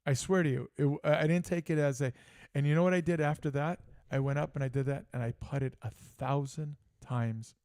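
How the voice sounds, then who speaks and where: A man co-hosting a live sports talk show, telling an animated story with frequent laughter. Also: a little high, a little fast, hardly any pauses, no echo, studio quality. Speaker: co-host. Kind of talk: casual chat.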